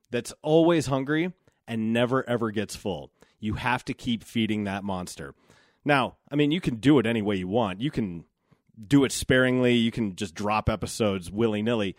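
Man, 40s, solo podcast host, candid, profane, reflective, mid-pitched voice, dry close sound. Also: dry recording.

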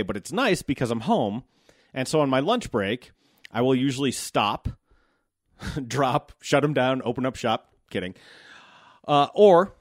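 In a dry, studio-quality recording, a thirtysomething American man with a mid-range voice delivers a casual monologue about his day. As a podcast host, his tone is loose, wry, and profane.

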